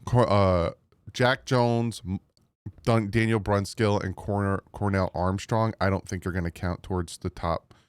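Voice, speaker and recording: A man with a New Jersey accent talks through team news in a loose, rambling way, restarting his sentences as he goes. His voice sits very low and comes across smooth and clean. The recording is dry and close, with no room sound. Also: no echo. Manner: rambling, restarts, mild frustration. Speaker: sports channel host. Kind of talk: casual commentary to viewers.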